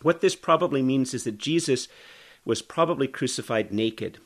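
A man's voice: medium pitch, normal speed, a bit bright. A middle-aged man preaching a sermon, talking conversationally and explaining scripture as he reads it aloud. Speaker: pastor. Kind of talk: expository sermon.

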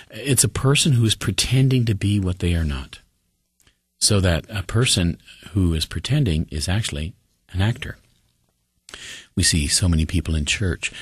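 A man delivers a sermon in a very low, husky voice, leaning on words with slow deliberate pauses before jumping up in pitch for emphasis. The sound is dry and close, with no room around it. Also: no echo. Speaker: preacher.

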